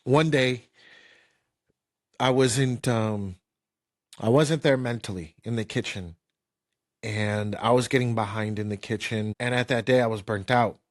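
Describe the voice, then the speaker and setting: A man's voice: medium pitch, a little slow, pauses often. A man hosting a podcast, telling a kitchen story casually, with lots of "like" and restarts, acting it out with sound effects. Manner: lively anecdote-telling with sound effects like pop and bam; loose, filler-heavy talk with "like" and restarts. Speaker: podcast host.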